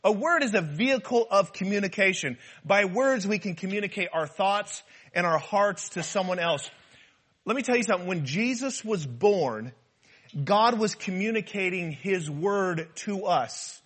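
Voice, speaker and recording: A man preaching a sermon in an animated, humorous style, with rhetorical repetition. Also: high voice, moderate pace. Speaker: pastor.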